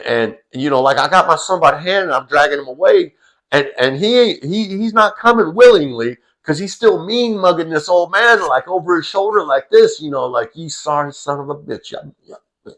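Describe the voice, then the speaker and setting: A man's voice: a little high, fairly bright tone, poor audio. A middle-aged man with a drawl tells a personal story in a loose, rambling vlog style. He is folksy and salty-tongued and pads his sentences with "you know" and "I gotta tell you.". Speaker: vlogger telling a personal story. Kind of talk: casual storytelling.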